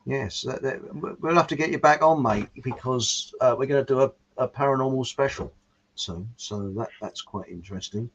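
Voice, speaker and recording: Male host, rambling, chuckles at his own gags, mid-pitched, dull lo-fi sound. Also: moderate pace, a little hiss or hum. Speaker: show host. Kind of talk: casual chat reading viewer comments. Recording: muffled lo-fi audio.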